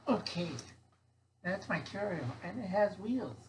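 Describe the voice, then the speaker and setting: A man's voice: high-pitched, animated, a little slow, slight background noise, poor audio. An older man vlogging, showing his gear in a folksy way and calling viewers kids. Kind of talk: casual show-and-tell vlog.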